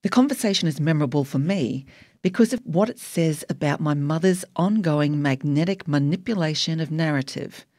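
A woman's voice: sits low, moderate pace, mellow, no echo, studio quality. A woman narrating her memoir in a wry, emotionally charged audiobook reading.

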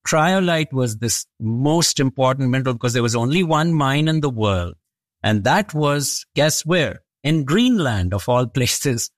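Measured man explaining history. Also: mid-range voice, animated, no echo, clean studio sound. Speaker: interviewed expert. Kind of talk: explanatory interview answers.

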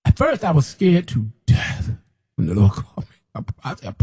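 A man's voice: medium pitch, wildly swooping pitch, moderate pace, dark tone, slightly rough. A man preaching an unscripted, scolding sermon as a self-described prophet, repeating himself as he presses his point.

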